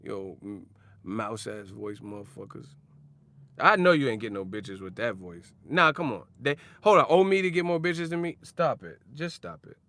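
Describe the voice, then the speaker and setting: Animated young man ranting in slang. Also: mid-range voice, normal speed. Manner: slangy, swearing, laughing, animated. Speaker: boxing commentary vlogger. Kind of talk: casual rant.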